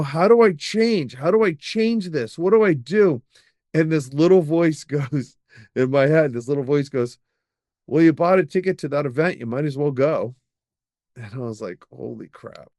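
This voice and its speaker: A middle-aged man, a podcast guest, telling long personal stories in a lively, rambling way, with many fillers and restarts. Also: medium pitch, dry recording, studio quality. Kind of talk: storytelling in an interview.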